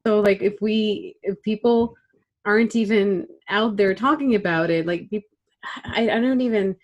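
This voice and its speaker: A woman's voice: medium pitch, moderate pace, dull audio. Chatty woman podcast host from Canada. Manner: thoughtful, talks with many fillers and asides. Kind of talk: casual conversation. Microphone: remote call.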